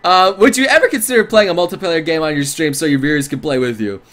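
A man streaming a visual novel, reading its narration aloud and reacting in an excitable, jokey way. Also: a little high, fast. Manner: excitable, jokey, breaks into laughter.

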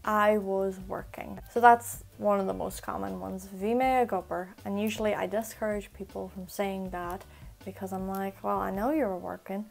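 Chatty woman tutor, gravelly voice. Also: mid-range voice, fairly even intonation. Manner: quick, chatty explanations with slow, repeated example phrases. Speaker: Irish language tutor. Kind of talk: casual spoken language lesson.

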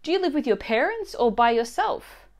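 A woman narrating a scripted language lesson in a clear, expressive teaching manner. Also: a little high, normal speed. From Australia.

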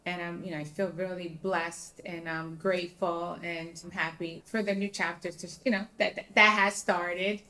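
A woman's voice: fairly low pitch, level tone, moderate pace, few pauses, sharp tone, rough recording. A woman chatting on an after-show, effusive and emotional, with many fillers. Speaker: reality show cast member. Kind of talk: casual after-show chat.

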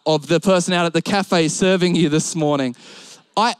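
A man's voice: high voice, steady tone, moderate pace, smooth, no room sound. A young Australian man preaching a sermon, mixing humorous stories with Bible quotes. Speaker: pastor.

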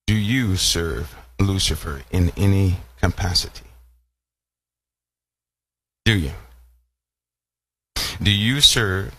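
A man's voice: sits low, a bit bright, breathy edge. A man preaching a sermon, asking his listeners rhetorical questions and repeating phrases for emphasis.

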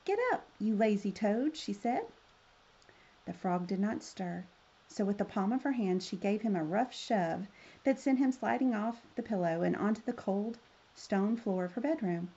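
A woman reads a children's fairy tale aloud, gentle and expressive. Her voice is mellow and a little husky. The recording has a dull, lo-fi sound. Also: mid-range voice, normal speed. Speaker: storyteller. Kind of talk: children's story read-aloud.

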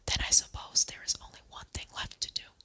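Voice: a little fast, pushed and bright, no echo. Reader doing a serious brave girl, whispered role-play. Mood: earnest. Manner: earnest, trying to sound grown-up.

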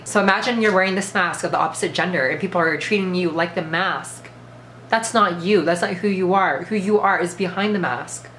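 A woman with a fairly low voice speaks in a casual vlog, emphatic and indignant and leaning on "like" as she talks. Her throat is sore. The recording sounds roomy and echoey, with a faint noise underneath. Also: fairly bright tone. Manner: emphatic, indignant, heavy use of "like". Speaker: vlogger.

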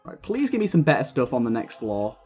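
A man's voice: mid-range voice, wildly swooping pitch, brisk, darkish tone, slightly rough. Young guy ranting over his game run, swears a lot, voice jumps all over, faint music under it. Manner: heated, swearing rant. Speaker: gaming video creator. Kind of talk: live gameplay commentary.

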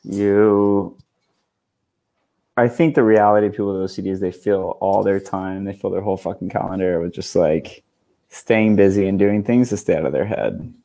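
A man's voice: low-pitched, moderate pace, gravelly, mellow. A man on a video call talking casually as a guest, rambling with lots of fillers and swearing freely. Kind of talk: casual chat.

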